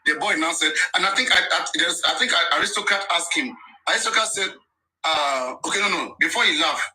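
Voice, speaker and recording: A woman's voice: on the low side, a little fast, bright, forceful tone, poor audio. A Nigerian woman, a live-stream commentator, ranting scornfully and emphatically as she switches between languages. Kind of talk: ranting monologue.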